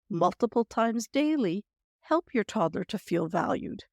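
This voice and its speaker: Woman, parenting advice host, calm scripted talk, reassuring, vocal fry. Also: mid-range voice, normal speed, dry recording, clean studio sound. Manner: gentle, reassuring, gives example phrasings.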